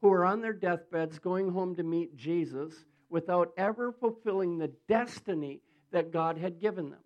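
A man's voice: sits high, moderate pace, dull audio. A man preaching a sermon, telling a story with acted-out quotes and building into fervent prayer.

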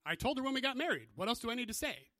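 Preacher quoting a curt old husband, blunt, bright voice. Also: male voice, very high voice, very animated, rapid-fire, no room sound, clean studio sound, voice pushed up, heavily acted. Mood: stubborn. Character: gruff, stoic old Scandinavian husband.

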